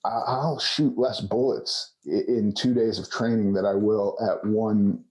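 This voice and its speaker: Dude in his 40s from california, mellow tone, rambly storytelling, swears a lot. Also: lowish voice, steady tone, unhurried. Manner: rambling storytelling with frequent restarts and profanity. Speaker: podcast guest, actor. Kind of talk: casual conversation.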